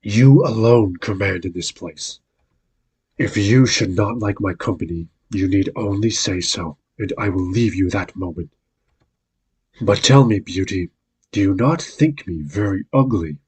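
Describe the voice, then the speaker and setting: Gruff, melancholy male beast in a storybook, as a male reader voices him; low and raspy, awkwardly polite. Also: measured pace, darkish tone, exaggerated voice. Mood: courteous.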